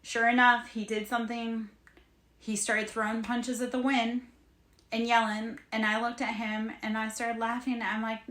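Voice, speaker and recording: A woman hosting a casual livestream as a spiritual reader, talking in a blunt, animated way and swearing casually. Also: on the high side. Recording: roomy, echoey room sound.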